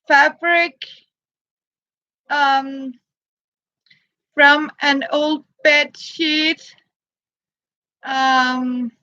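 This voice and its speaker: Showing off boots she made by hand along with her materials, a woman whose first language is Danish speaks hesitant, broken English, often stopping to find words. Her high voice has a sharp tone, and the audio is dry and dull.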